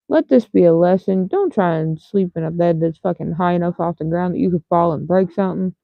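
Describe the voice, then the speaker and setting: A woman's voice: lowish voice, a little fast, creaky, hardly any pauses. A woman livestreaming and chatting loosely with her viewers, blunt and swearing freely. Her voice comes through thin and phone-like, with no room echo around it. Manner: blunt and heavily profane. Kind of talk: casual livestream chat with viewers. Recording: tinny phone-like dry sound.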